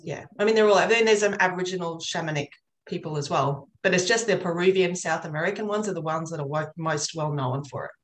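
A woman's voice: lowish voice, fast. A woman talking earnestly about her work as an energy healer, a chatty and rambling storyteller. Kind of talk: casual interview chat. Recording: roomy echo.

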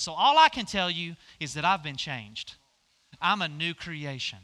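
A man's voice: fairly high pitch, very animated, a little slow, pushed and bright. A middle-aged male pastor preaching a folksy sermon, directing volunteers through a live demonstration on stage.

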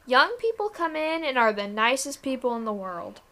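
Young woman on a podcast, kinda high voice, blunt and lively, swears casually. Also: normal speed. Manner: candid, animated, swears casually. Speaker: podcast co-host. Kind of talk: casual chat.

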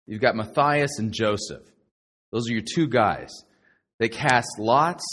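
A middle-aged man preaching a sermon to a live congregation, sarcastic and animated, now and then mocking other people's voices. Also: mid-range voice, takes it slowly. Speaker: pastor.

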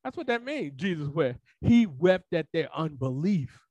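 A man's voice: a little high, big pitch swings, moderate pace, a little mellow, no room sound. A man preaching a sermon as pastor, emphatic and colloquial, repeating phrases for emphasis. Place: church sanctuary.

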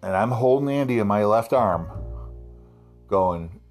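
A man from South Carolina casually telling a profane, animated anecdote. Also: on the low side, normal speed, faint music behind. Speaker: storyteller. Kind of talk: casual storytelling.

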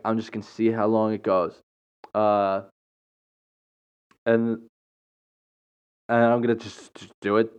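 A man's voice: medium pitch, clean tone. A man hosting a podcast, telling a story in a casual, rambling way, full of fillers, restarts and chuckles. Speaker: podcast host. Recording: dull lo-fi recording.

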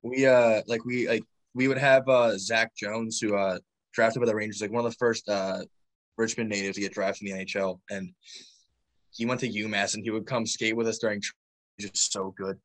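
A man's voice: lowish voice, flat delivery, moderate pace. A young man, a college hockey player, talking casually and slangily on a podcast. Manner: laid-back, slangy, says "dude" often.

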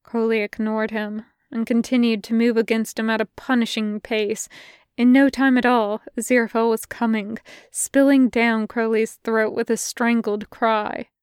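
A woman narrating a fan fiction audiobook in a measured, intimate way, close to the mic. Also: on the high side, flat delivery, a little mellow, smooth, dry recording. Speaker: podfic reader.

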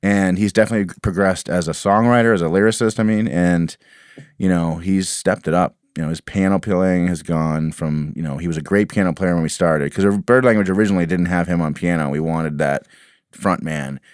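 A man's voice: deep voice, brisk, smooth, no echo, studio quality. A man, a band member talking casually in an interview, rambling with many restarts and "you know"s.

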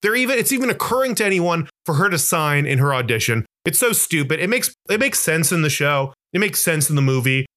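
A man's voice: a little high, sing-song, brisk, hardly any pauses, a bit bright. A man co-hosting a podcast in casual movie chat, ranting animatedly with lots of swearing, his voice jumping up when he gets worked up. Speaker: podcast co-host.

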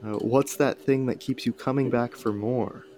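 A man's voice: medium pitch, steady tone, normal speed, dark tone, slight background noise. A man hosting a casual podcast interview, asking questions and laughing along. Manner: friendly, encouraging, laughs often. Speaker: podcast host.

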